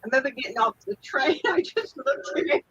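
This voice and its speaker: A woman's voice: high voice, huge pitch swings, a little fast, sharp tone, muffled recording. An older woman telling a story in a casual chat, laughing often and acting out other people's lines, heard over a video call. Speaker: guest.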